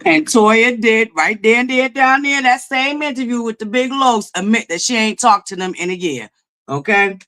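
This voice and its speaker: A woman hosting a casual talk show, reacting to a clip and hyping up her audience with shout-outs. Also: fairly high pitch, moderate pace. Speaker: host. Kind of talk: casual chat.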